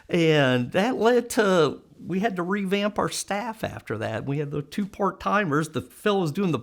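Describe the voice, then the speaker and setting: Animated man telling stories. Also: high-pitched, moderate pace, few pauses. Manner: animated storyteller, acts out quoted voices, laughs often. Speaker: interviewee. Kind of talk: conversational storytelling interview.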